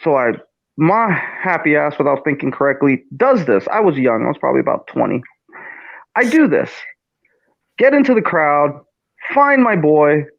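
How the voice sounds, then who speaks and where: A man telling a funny personal story in a casual, animated way as co-host. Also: moderate pace, creaky. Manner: animated, swings pitch up for quoted lines. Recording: dull lo-fi audio.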